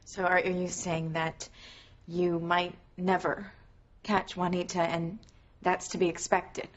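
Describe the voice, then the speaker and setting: A woman's voice: fairly low pitch, flat delivery, measured pace. An actress playing a defiant woman in protective custody, talking in an insistent, confrontational way. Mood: indignant. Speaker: soap opera character. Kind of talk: daytime soap acting. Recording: dull TV audio under music.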